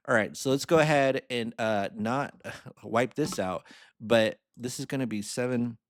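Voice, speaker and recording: A man's voice: medium pitch, dry recording, studio quality. A man giving a casual screen-share finance lesson, chatty, with playful asides and chuckles. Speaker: financial mentor.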